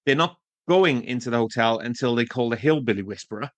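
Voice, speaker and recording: A man with a mid-pitched voice chats casually on a film podcast, recorded dry and close. He builds his points with little asides and stories. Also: a little fast, no echo. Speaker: podcast co-host. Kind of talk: casual film review chat.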